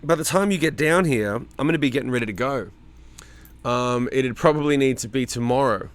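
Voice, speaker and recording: Brisk and mid-range, this middle-aged man's voice carries a relaxed home livestream where he reads viewer comments. He greets chatters by name and swears freely throughout.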